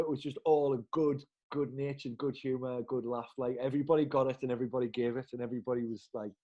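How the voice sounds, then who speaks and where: Northern English man in his thirties, podcast co-host, animated and chuckling, mid-pitched voice. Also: lo-fi sound. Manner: animated, chuckling anecdote telling with northern slang. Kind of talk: casual storytelling chat.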